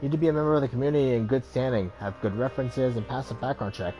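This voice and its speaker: A man's voice: mid-range voice, racing, music in the background, close to an everyday voice. A man doing a nervous, shifty drone seller. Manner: nervous salesman patter.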